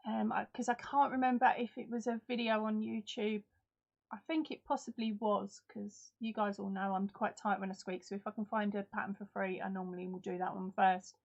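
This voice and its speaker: A woman's voice: mid-range voice, fairly even intonation, brisk, creaky, dull audio. A woman hosting a live crafting stream in casual chat, reading out and answering viewers' comments. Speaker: host.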